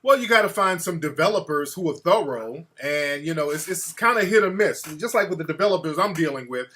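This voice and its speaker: A man's voice: fairly high pitch, lively intonation, a little fast, bright, forceful tone. A man hosting a call-in talk show, chatting loosely and cursing freely. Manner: profane, loose and conversational. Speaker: radio talk show host.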